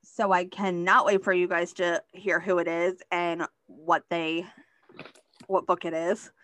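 A woman's voice: on the low side, measured pace, no echo. A woman hosting a book podcast, chatting casually and keenly about new releases. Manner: relaxed, chatty, enthusiastic about books. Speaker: podcast host. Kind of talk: casual chat.

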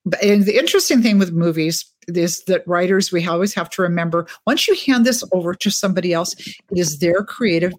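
A woman author chatting in an interview, telling lively stories about her books and life. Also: lowish voice, fairly quick, dry recording, studio quality. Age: older. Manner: chatty, animated storyteller. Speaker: author guest. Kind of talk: casual interview chat. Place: home, West Coast.

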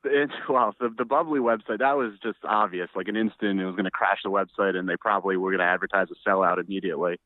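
A man's voice: low-pitched, fairly even intonation, quick pace, few pauses, no room sound. A man calling in to a wrestling talk show by phone from outdoors, chatting in a friendly, wry way. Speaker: caller. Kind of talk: call-in chat. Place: outdoors at a retirement community. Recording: dry tinny phone line.

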